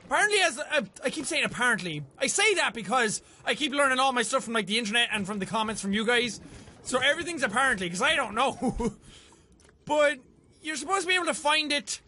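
Very high-pitched, excitable male gamer. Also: fast. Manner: excitable, swears freely, yelps when startled. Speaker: let's play gamer. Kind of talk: casual gameplay commentary.

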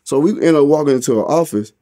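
A man telling a story in a casual interview, talking in heavy street slang and profanity, his voice jumping up loud and high whenever he acts out what people said. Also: quick pace, dry recording, clean studio sound. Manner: animated retelling with loud, high quoted exclamations. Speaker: interview guest.

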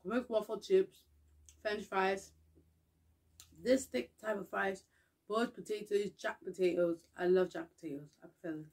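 A young woman, chatting casually to camera as a vlogger, laughing often and trailing off into soft mumbles. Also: medium pitch, steady tone, moderate pace.

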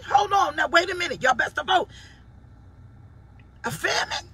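Fiery high-pitched woman preacher. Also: animated, unhurried, long pauses. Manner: fervent preaching, shouting, greeting viewers by name. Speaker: pastor. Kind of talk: livestream sermon. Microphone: phone or webcam livestream.

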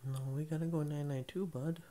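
Soft-spoken father coaxing at bedtime. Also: a little high, fairly even intonation, fairly quick, a little hiss or hum. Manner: gentle, patient, softly coaxing. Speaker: father putting child to bed. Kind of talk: casual bedtime chat.

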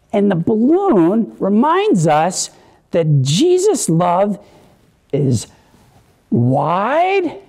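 A man giving a children's message in church, animated and encouraging as he speaks to the kids. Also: high-pitched. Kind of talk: children's sermon.

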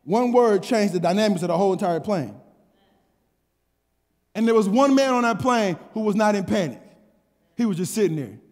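A man preaching a sermon, telling a story with call and response, repeating his words and building to shouts. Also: high-pitched, lively intonation, normal speed, pauses often, long reverb tail. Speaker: pastor.

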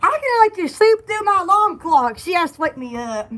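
A woman co-hosting a casual store livestream, rambling excitedly, laughing often and repeating words. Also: extremely high pitch, moderate pace.

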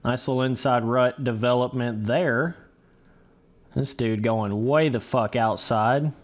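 A young man with a mid-range voice streams a motocross game live, speaking slowly with fairly even intonation. He swears casually, calls his chat "brother" and "dudes," and coaches himself through the race under his breath in this live gameplay commentary.

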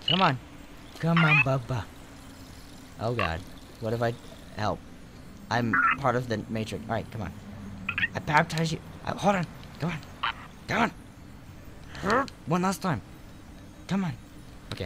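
A young man chatting through a video game in a loose, crude, rambling way. His pitch swings widely from low mutters up to high yelps. The home recording carries a clear, steady background noise. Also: normal speed, pauses often. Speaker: gaming channel host. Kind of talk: casual let's play commentary.

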